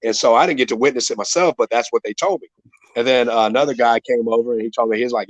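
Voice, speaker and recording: A man's voice: medium pitch, very fast, no room sound, poor audio. Profane man telling a fight story. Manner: profane, rambling storyteller with restarts. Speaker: retired MMA fighter guest. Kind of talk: casual storytelling.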